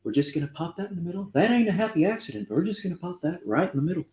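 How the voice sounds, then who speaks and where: An Australian man doing a brief impression of a soft-spoken TV painting teacher, talking soothingly. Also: high-pitched, sing-song, rapid-fire, pitched above the performer's own voice. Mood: gentle. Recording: echoey room.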